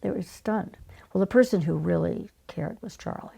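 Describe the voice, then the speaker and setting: An older woman telling stories as an interview guest, animated and conversational. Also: mid-range voice, moderate pace, vocal fry, slightly rough. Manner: animated, conversational, acts out remembered exchanges. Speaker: guest, former casting director. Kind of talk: storytelling in conversation.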